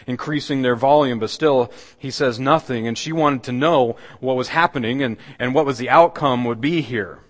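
A man preaching a sermon, retelling a scripture story dramatically and dropping his voice to a near hush. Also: fairly low pitch, big-room sound. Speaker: pastor. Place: church.

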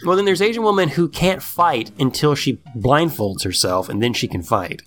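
A man in casual chat, recapping a cartoon episode with lively storytelling and lots of "like", acting out the characters' lines. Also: medium pitch, normal speed, soft background music. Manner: profane, lots of "like". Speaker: podcast co-host recapping a cartoon.

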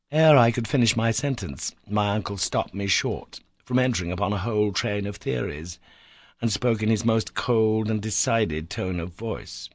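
A man reading a classic novel aloud in a measured, formal narration. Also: lowish voice, no echo, clean studio sound. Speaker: audiobook reader.

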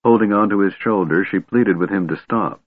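A man narrating a fantasy novel aloud in a measured, steady storytelling manner. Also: on the low side, dry recording. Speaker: audiobook narrator. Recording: tinny narrow-band recording.

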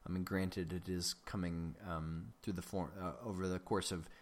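A man's voice: deep voice, fairly even intonation, moderate pace. A man hosting his own podcast, chatting casually and rambling with frequent ums and self-deprecating asides. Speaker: podcast host. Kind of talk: casual solo podcast chat.

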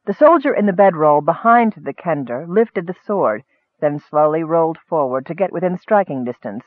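A man narrating a fantasy story in steady storytelling, lifting his voice for action. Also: a little high, moderate pace, dry recording. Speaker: audiobook narrator. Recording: dry, tinny phone-like sound.

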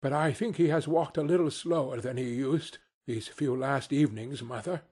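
A man reading aloud and voicing a quiet, thoughtful young son who speaks gently, in a husky voice. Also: medium pitch, moderate pace. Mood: gentle.

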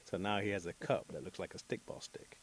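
A man telling a folk tale aloud in a relaxed, repetitive oral style. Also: low voice, brisk, very noisy. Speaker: storyteller.

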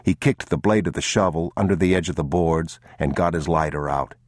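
A man narrating an audiobook in a grave, measured, somber manner. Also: deep voice, darkish tone, no room sound, clean studio sound. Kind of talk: scripted narration.

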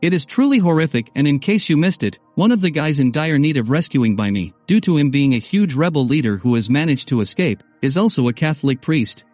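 A man's voice: fairly high pitch, lively intonation, a little fast, few pauses, a little mellow, no echo, faint music behind. A man narrating a first-person novel in a wry, sardonic way. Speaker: audiobook narrator.

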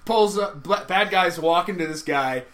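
A man with a bright, ringing voice talks through a casual movie-ranking podcast. He argues his point playfully and laughs often as he goes. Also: high-pitched, moderate pace. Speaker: podcast co-host.

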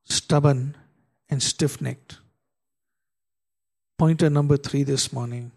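A man preaching a sermon, asking the congregation rhetorical questions and reading scripture slowly and dramatically. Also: medium pitch, fairly even intonation, creaky, a little mellow. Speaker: pastor.

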